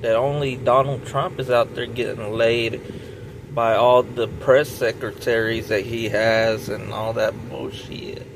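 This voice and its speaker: A man telling a profane, rambling comic story, retelling what a friend said with loud swings in his voice. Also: mid-range voice, fairly even intonation, measured pace, vocal fry, background noise. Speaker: comedian.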